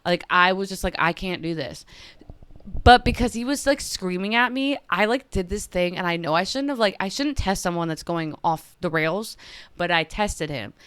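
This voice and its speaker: A woman's voice: mid-range voice, animated, moderate pace, fairly bright tone, smooth, no room sound. A young woman hosting a podcast, telling a personal story in a casual confessional way, full of "like" fillers. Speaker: podcast host.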